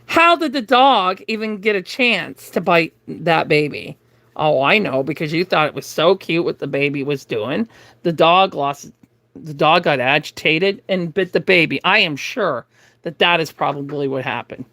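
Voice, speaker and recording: A woman's voice: low-pitched, normal speed, dry recording. Middle-aged woman livestreaming, storytelling to chat, laughs a lot, voice swings all over, dry close sound. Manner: animated, laughs often, acts out the other people in her stories. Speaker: livestream host. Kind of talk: casual storytelling to live chat.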